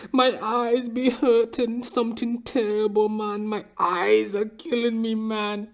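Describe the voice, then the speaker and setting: A man's voice: sits high, flat delivery, takes it slowly, pitched above the performer's own voice. A man putting on the voice of a tired, complaining old barber with a Trinidadian accent. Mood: whining.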